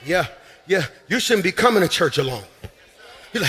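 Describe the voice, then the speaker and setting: A man preaching a sermon as pastor in a church, shouting and swinging into sing-song runs. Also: a little high, expressive, normal speed. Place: church sanctuary.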